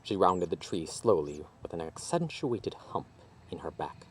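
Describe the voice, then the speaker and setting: A man reading his own fantasy story aloud with expressive narration. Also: sits low, measured pace, slight background noise.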